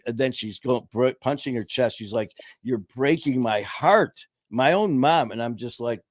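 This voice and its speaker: A middle-aged man co-hosting a podcast, talking candidly and earnestly about recovery, mocking himself with quick acted-out quotes. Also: mid-range voice, no room sound. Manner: earnest, self-mocking, acts out his past self in quotes. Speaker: podcast co-host.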